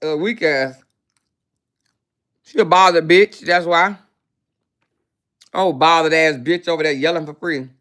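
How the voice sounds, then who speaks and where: A woman's voice: low-pitched, measured pace, pauses often, fairly bright tone. A woman hosting a casual livestream, talking in a brash, profane, mocking way. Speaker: livestream host.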